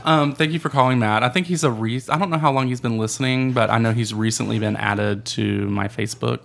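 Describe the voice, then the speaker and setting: A man's voice: medium pitch, fairly quick, gravelly, fairly bright tone, slight background noise. A man co-hosting a podcast in casual chat, laughing often and telling anecdotes. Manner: giggly, laughs often, tells stories with quoted texts. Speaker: podcast co-host.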